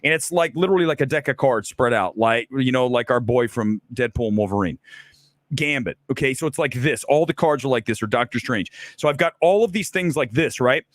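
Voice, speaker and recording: A man's voice: medium pitch, expressive, brisk, no room sound. A man hosting a livestream of movie commentary. He talks in an emphatic, self-assured rant, often repeating and restarting words. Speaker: film commentator host.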